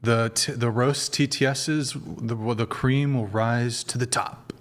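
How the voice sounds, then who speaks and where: A young man hosting a streamed dating panel podcast in a crude, joking, rapid-fire way. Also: medium pitch, steady tone. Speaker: podcast host. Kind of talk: casual streamed panel chat.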